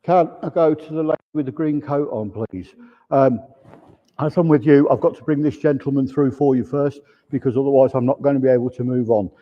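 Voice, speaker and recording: The medium relays more messages from spirit, repeatedly using "he says," in a brisk mid-range voice. The big village hall echoes, and the sound is muffled and lo-fi.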